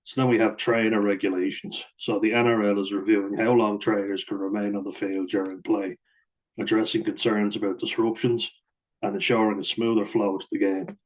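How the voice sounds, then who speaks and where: Low, flat-voiced man talking rugby. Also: fairly quick, rough recording. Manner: blunt and chatty, swears and laughs easily. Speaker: host and rugby player. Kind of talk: casual commentary on rugby rules.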